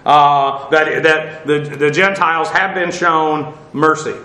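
Male Bible teacher, methodical, spells Greek words aloud, lots of "uh"s; bright tone, echoey room. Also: on the high side, fairly even intonation, slow pace. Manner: frequent "uh" fillers and restarts.

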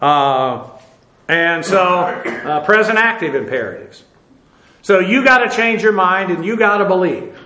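A man teaching a Bible lesson, explaining slowly with many "uh" fillers and self-corrections. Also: sits high, lively intonation, echoey room, crowd noise, rough recording. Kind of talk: lecture on Greek verb tenses.

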